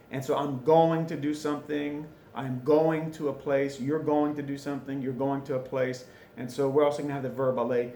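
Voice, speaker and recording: A man teaching French in a classroom, chatty and informal, repeating phrases slowly for students to drill. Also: mid-range voice, fairly even intonation, a little mellow, echoey room. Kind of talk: recorded classroom lesson. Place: classroom with a board.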